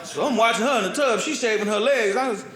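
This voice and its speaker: A man doing a stand-up comedy routine, telling stories animatedly, swinging from loud yelps to low mutters. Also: fast talker. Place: comedy club stage. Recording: roomy live stage sound with crowd. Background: laughing audience.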